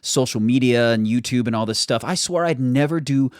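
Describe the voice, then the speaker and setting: A young YouTube host from the United States delivers a chatty, self-deprecating vlog monologue from his home studio. His accent is mild general American with little regional trace, and his mid-range voice is fairly quick and smooth, with no echo.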